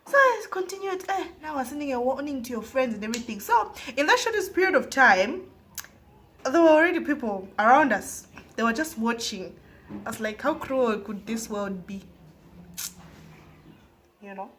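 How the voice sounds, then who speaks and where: A woman from Zambia, telling a personal story to her viewers, often laughing and dropping into hushed asides. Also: high-pitched, very animated, brisk, a little hiss or hum. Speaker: vlogger. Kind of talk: storytime monologue.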